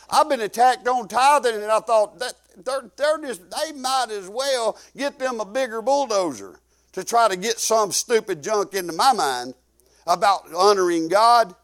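A man, preaching a sermon through rambling, folksy personal stories. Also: a bit bright. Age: 50s. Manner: folksy, rambling, drops low when quoting himself. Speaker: pastor. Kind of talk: sermon storytelling.

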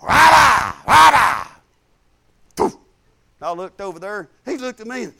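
A man preaching a folksy sermon, telling personal stories and rising to loud, emphatic points. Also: high-pitched, fairly quick. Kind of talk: informal preaching with storytelling.

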